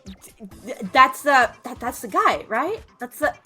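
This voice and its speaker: A flustered TV producer stammers and dithers over a radio, as a woman plays them. The voice is bright and swoops up and down. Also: high-pitched, very animated, a little slow, slightly rough, soft background music, pitched above the performer's own voice, exaggerated voice. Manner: stammering, unsure.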